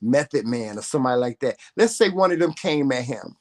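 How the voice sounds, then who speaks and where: A man's voice: mid-range voice, animated, a little fast, a little mellow. A man vlogging to camera, telling a story in a profane, confrontational rant full of emphatic repetition.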